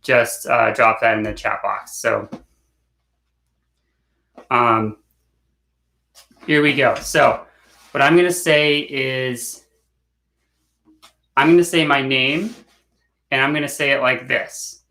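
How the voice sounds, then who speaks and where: Slow-talking man teaching a drum class. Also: medium pitch, vocal fry. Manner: relaxed and encouraging, chanting phrases in rhythm. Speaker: drumming teacher. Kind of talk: online workshop instruction. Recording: echoey room with drumming.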